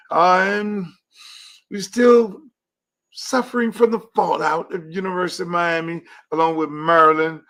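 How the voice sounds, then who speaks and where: Brief: blunt, brash male talk host with a high voice who rants profanely and does not hold back. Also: vocal fry, a bit bright. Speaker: podcast host. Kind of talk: casual talk show monologue.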